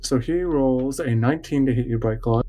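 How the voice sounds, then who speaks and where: An easygoing man narrates a tabletop game as its game master. His voice sits in an ordinary middle pitch. He laughs often and hands out rulings casually. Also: fairly quick, mellow.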